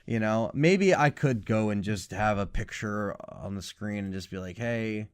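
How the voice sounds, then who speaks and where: A young man co-hosting a casual podcast, talking in an animated, profane way and mocking lines as he retells scenes. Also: fairly low pitch, normal speed, clean tone. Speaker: podcast co-host.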